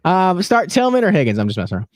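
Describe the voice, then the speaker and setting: A man's voice: high voice, wildly swooping pitch, dry recording, studio quality. A young man co-hosting a fantasy football livestream, joking and teasing while rattling off start and sit picks. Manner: joking, mocking, rapid-fire picks. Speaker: fantasy football stream co-host. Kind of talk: casual livestream banter.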